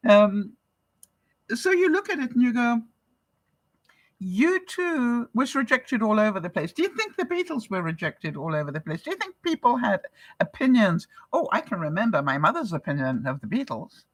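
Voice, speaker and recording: Older canadian lady rambling to her viewers, laughs a lot, super animated pitch, dry sound. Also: moderate pace, no echo. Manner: chatty, laughs often, asks rhetorical questions. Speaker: vlogger. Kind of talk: casual livestream chat.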